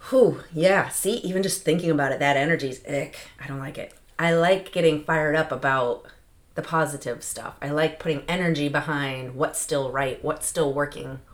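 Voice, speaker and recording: A woman's voice: low-pitched, moderate pace. A woman hosting a podcast, talking through a casual motivational monologue into a close mic, chatty and laughing often. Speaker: podcast host.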